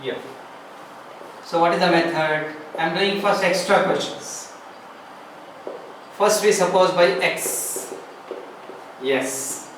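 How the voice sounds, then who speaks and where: High-voiced man teaching math, echoey. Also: a bit bright. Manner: explains step by step, repeats phrases, asks rhetorical questions. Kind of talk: classroom math lesson. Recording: echoey room, far from the mic, faint noise.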